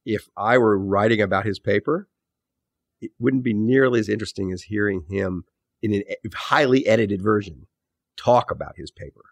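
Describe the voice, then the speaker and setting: A middle-aged man with a low-pitched voice speaks thoughtfully as an interview guest. He restarts his sentences and lets his phrases sink off quietly. His voice is recorded close and dry, with no room sound. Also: moderate pace, gravelly, no room sound. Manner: thoughtful, self-correcting, trailing off low at phrase ends. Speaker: author and podcast host, guest. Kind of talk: conversational interview answers.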